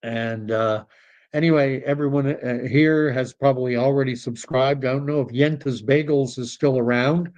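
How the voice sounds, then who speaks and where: A man's voice: medium pitch, fairly even intonation, normal speed, a little mellow. A Canadian man hosting a political livestream, chatting casually and rambling as he reacts to messages from viewers. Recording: dull lo-fi stream audio.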